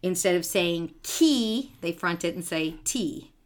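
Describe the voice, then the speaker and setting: A woman's voice: on the low side, animated, a little slow. A woman in her forties, a speech therapist co-hosting a casual podcast, explaining in a teacherly way, checking for understanding and laughing easily. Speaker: podcast co-host; speech language pathologist.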